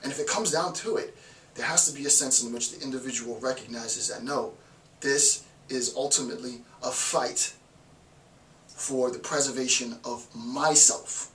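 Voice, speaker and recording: A male professor giving an emphatic, animated philosophy lecture, repeating lines for effect. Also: mid-range voice, moderate pace. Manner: emphatic, repetitive, animated, with laughs. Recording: roomy, distant mic, faint noise.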